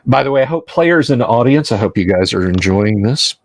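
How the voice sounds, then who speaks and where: A man running a tabletop horror game on a livestream, narrating in a slow, halting way with many fillers. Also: mid-range voice, expressive. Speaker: game master.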